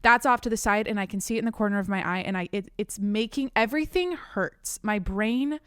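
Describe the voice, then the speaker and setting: A woman's voice: medium pitch, fairly quick, clear, resonant tone, no room sound. A young woman hosting her own podcast from a home desk studio, ranting casually with lots of swearing and restarts. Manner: animated, profane venting with frequent restarts. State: slightly out of breath. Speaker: podcast host. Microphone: desk microphone.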